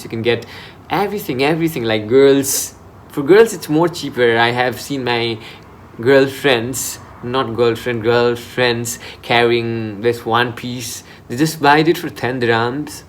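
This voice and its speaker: A man's voice: mid-range voice, measured pace, a little hiss or hum. Chatty young man vlogging. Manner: chatty and informal, with frequent restarts. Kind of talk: casual advice vlog. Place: in Dubai.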